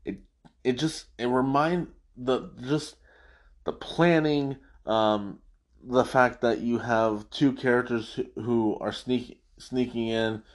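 Slow, rambling male fan recapping episodes. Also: mid-range voice. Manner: rambling, enthusiastic fan retelling scenes. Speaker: podcast host.

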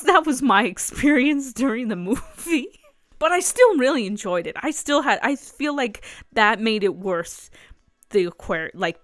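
A woman's voice: mid-range voice, no room sound, studio quality. A young woman vlogger telling a rambling, chatty story full of fillers and restarts. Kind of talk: casual storytelling vlog.

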